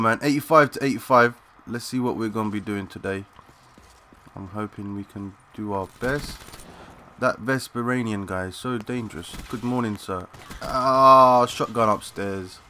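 A young man giving excitable, swearing live commentary while playing a shooter, calling out to teammates in slang. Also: fairly low pitch, slight background noise. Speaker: gaming channel host.

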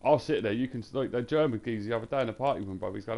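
A man talks on a live stream at a rapid clip. His voice is gravelly with a lot of fry. His chat is blunt, slangy and laced with swearing. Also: medium pitch, darkish tone.

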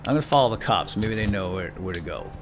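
Excitable man doing silly game commentary. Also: lowish voice, quick pace, soft background music. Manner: excitable, exclaiming, giggly. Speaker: let's play host.

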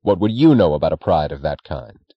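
A man's voice: sits low, brisk, no room sound. A man voicing a hard, terse male industrialist who speaks in a clipped, contemptuous way, in an audiobook reading. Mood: curt. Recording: dry, dull lo-fi recording.

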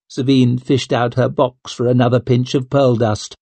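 A man reading an audiobook as narrator in a measured, even manner. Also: medium pitch, vocal fry, no room sound. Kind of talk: scripted narration.

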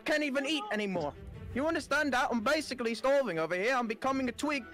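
A man's voice: very high-pitched, lively intonation, quick pace, soft background music. A man voicing a whiny young man who begs to get his lost game money back. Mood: aggrieved. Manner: pleading, then shouting.

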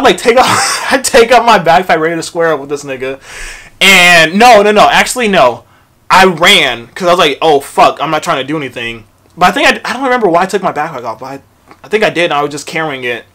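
A young man recounts a school story for his vlog, swearing freely and jumping into lively acted-out quotes. His voice sits a bit higher than most men's. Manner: profane, animated retelling with acted-out quotes. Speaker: vlogger.

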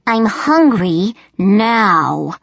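A woman's voice: mid-range voice, big pitch swings, drawn-out words, creaky, no room sound, full character voice. A woman reading an audiobook, voicing a demanding, eerie little boy who whines and growls. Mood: menacing. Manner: whiny, then growling and menacing. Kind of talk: audiobook narration. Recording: slightly dull lo-fi audio.

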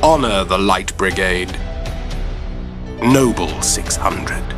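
Guy reading a poem real slow and dramatic, music playing behind him. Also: low-pitched. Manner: slow, declaiming, with raised voice on quoted commands. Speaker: poetry reader. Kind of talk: dramatic poetry recitation.

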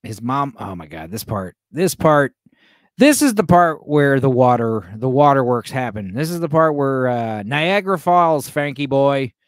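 A man's voice: medium pitch, big pitch swings, a little slow, no room sound, studio quality. A man hosting a casual watch-along, joking and rambling to his chat with many fillers. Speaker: host reacting to a film for a live chat.

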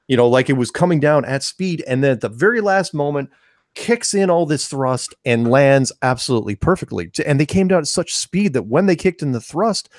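A man co-hosting a casual podcast conversation, telling stories in an animated way with frequent restarts. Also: fairly high pitch, no echo, clean studio sound. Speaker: co-host.

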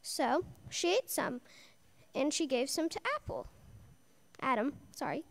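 Woman, high pitch, reading a children's Bible story at a family church service; lively storyteller. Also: unhurried. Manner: lively storyteller doing character voices.

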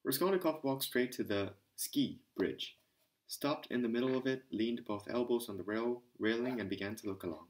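A man's voice: medium pitch, moderate pace, rough recording. A man narrating an amateur audiobook, reading steadily with occasional stumbles and self-corrections. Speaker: audiobook reader.

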